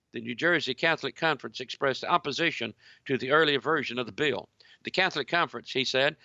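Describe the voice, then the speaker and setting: A man preaching in an emphatic way, reading out articles and talking straight to his listeners as "ladies and gentlemen". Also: medium pitch, creaky, no room sound, muffled recording. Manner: emphatic, repeats phrases, addresses the audience directly. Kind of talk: sermon-style commentary reading articles.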